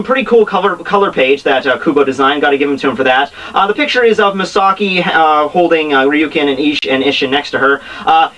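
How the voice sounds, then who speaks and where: A young man rambling excitably as he reviews a manga chapter, full of restarts and asides. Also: on the high side, far from the mic, low-quality recording. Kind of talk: casual chapter review vlog.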